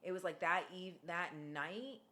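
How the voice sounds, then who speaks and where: A woman's voice: lowish voice, a little slow. A woman hosting a podcast, telling a story in casual chat with lots of fillers and free swearing. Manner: animated, swears freely, many fillers. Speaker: podcast host.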